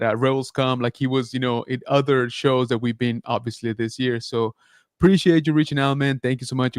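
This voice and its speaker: A man's voice: mid-range voice, clean tone, dry recording, studio quality. A man hosting a casual livestream chat show, talking loosely with lots of fillers and reading viewer comments aloud. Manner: chatty, many fillers, reads chat aloud. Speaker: podcast host.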